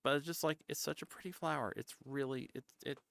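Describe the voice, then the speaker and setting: A man streaming a casual chat, rambling and often cutting himself off mid-thought, sometimes dropping into soft, breathy asides. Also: medium pitch, fast, dry recording. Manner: rambling, self-interrupting and chatty.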